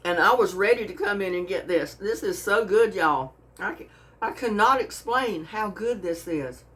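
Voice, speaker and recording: A woman's voice: medium pitch, moderate pace, fairly bright tone. A woman hosting her own cooking channel, gushing in a folksy way as she tastes her food. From Texas. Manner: folksy, gushing, says y'all a lot. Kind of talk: casual cooking vlog, taste-testing.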